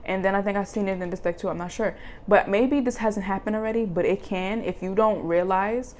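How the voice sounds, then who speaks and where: A young woman giving a casual tarot reading, excitable and emphatic, often repeating herself for emphasis. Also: mid-range voice, fairly quick, slight background noise. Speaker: tarot reader.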